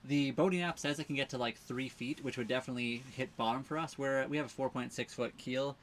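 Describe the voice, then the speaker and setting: A man's voice: medium pitch, steady tone, quick pace, a little hiss or hum. A man co-hosting a casual livestream from his sailboat, answering viewer questions in a rambling way, full of fillers and restarts. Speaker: livestream co-host living on a sailboat.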